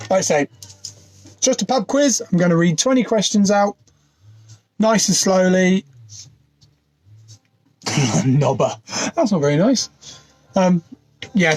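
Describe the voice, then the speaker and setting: A man's voice: high-pitched, a little slow, long pauses, faint music behind. A man hosting a casual pub quiz livestream from inside his van, talking into his phone and greeting viewers by name. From United Kingdom. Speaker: quiz host.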